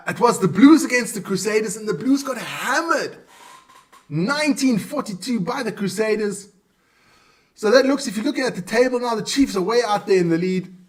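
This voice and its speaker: A man's voice: high voice, a bit bright, far from the mic. A man hosting a live stream alone, chatting casually and stumbling over hard player names.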